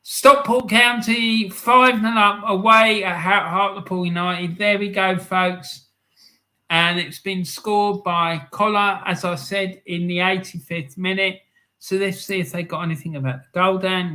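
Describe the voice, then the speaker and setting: A male stream host chats through the afternoon's football results at an unhurried pace. His voice is bright and slightly higher than most men's. He reads viewer comments aloud with excitable asides. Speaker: live stream host reading football scores and chat. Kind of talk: casual live-stream chat.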